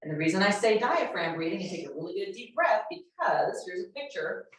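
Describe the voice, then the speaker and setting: A woman's voice: medium pitch, very animated, fairly quick. A woman presenting an earnest workshop talk to educators, repeating phrases for emphasis. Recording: echoey room, voice from far off the mic.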